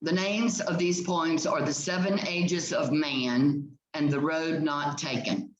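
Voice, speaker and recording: A teacher lectures at an unhurried, measured pace, reading textbook definitions aloud and pausing often to check in with the class. The voice sits at a middling pitch. It rings in a roomy classroom. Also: steady tone, a little hiss or hum. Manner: checks in with students with frequent "okay".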